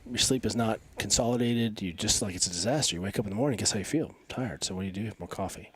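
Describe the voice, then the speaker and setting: A man in his forties, stuffy from allergies, talking in an energetic, emphatic and rambling way as a podcast guest. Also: lowish voice, fast talker. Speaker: podcast guest, coach and physical therapist. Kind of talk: casual interview talk.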